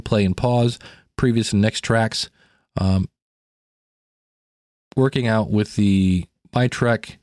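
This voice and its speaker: Low-voiced man hosting a chatty podcast. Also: a little mellow, no room sound, clean studio sound. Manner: chatty, many fillers and restarts. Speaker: podcast host. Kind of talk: casual product review.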